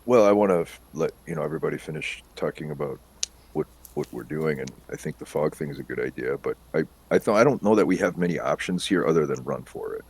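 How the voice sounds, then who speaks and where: A man talking as a player in a tabletop game, relaxed and folksy. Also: very deep voice, fast, creaky, husky. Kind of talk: casual chat at a game table.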